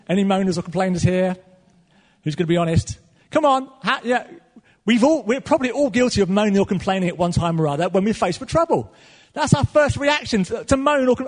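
A man preaching a sermon in a church hall, animated and swinging between loud and soft. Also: high-pitched, a little fast, long pauses. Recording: long reverb of a large hall.

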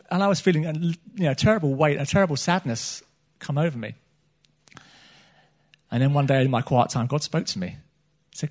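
A man's voice: fairly high pitch, normal speed, pauses often, a little mellow. A middle-aged man, preaching a sermon in a church meeting and often restarting his phrases. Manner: earnest, repeats himself and restarts phrases.

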